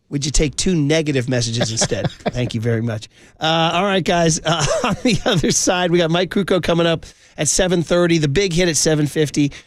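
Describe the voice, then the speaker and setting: A man's voice: on the high side, no room sound. A man hosting a sports radio show, bantering casually, joking and laughing often.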